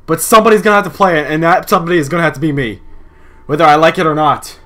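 A man's voice: fairly high pitch, brisk, bright, forceful tone. A young man hosting a horror game let's play, talking nervously to himself and to the game. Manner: nervous, jittery, talks to the game. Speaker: gaming channel host.

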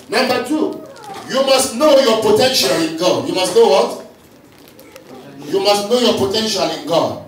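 A man's voice: high-pitched, a bit bright. A male pastor preaching a sermon, calling out lines and repeating them for the congregation to answer. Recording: echoey hall from far off, faint noise.

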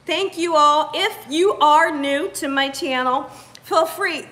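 A woman hosts a live cooking stream, her voice high and bright. She talks in a lively, upbeat way, calling out viewers by name as they arrive. She sounds relaxed and chatty. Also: slow. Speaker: cooking channel host. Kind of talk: livestream chat greeting viewers.

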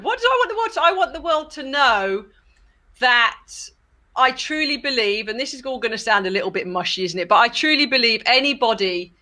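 A woman in her forties, a former athlete turned broadcaster, chatting in an interview with ready laughter and quick, enthusiastic bursts. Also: on the high side, sharp tone. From England. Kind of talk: casual interview chat.

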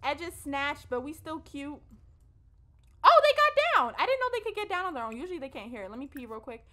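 A young woman hosts a let's play, chatting with her viewers in casual, expressive slang. Her high voice swings widely in pitch, and she talks briskly with a pushed, bright tone.

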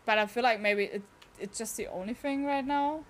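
A young woman streams a game and chats with her viewers, keeping up a casual, exclamation-filled running commentary. Her voice sits on the higher side, and she talks at a moderate pace.

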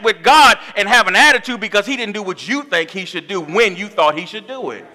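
A man's voice: sits high, animated, a little fast, hardly any pauses, sharp tone. A man preaching a sermon as pastor of his church, impassioned, with call-and-response asides to the congregation. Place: church sanctuary.

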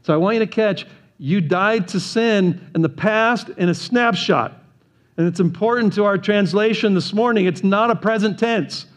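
Earnest pastor preaching a sermon. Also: male voice, moderate pace. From United States. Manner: earnest, emphatic preaching with rhetorical questions that builds in pitch. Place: church sanctuary.

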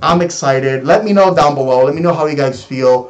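Excitable male vlogger, slightly high voice, rambling and gushing; faint music underneath. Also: a little fast. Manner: excitable, gushing, repeats himself. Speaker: card game YouTuber. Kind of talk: excited unboxing vlog.

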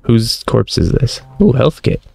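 A man's voice: medium pitch, lively intonation, unhurried, creaky, darkish tone, husky, faint music behind. A young man commenting on a horror shooter as he plays, with jumpy, self-mocking reactions. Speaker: gaming streamer. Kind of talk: let's-play commentary.

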